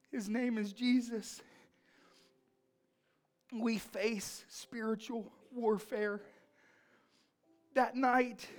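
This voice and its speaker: Brief: woman preacher, fairly high pitch, emphatic storytelling sermon. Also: a little mellow. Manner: storytelling, emphatic, builds to fervent pleading.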